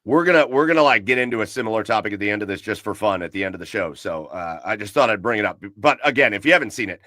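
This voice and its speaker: A man co-hosting a casual podcast from his garage, chatting in a relaxed, rambling way and gushing about beer. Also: fairly low pitch, very fast, no room sound, studio quality. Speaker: podcast co-host. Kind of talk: casual chat. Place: home garage.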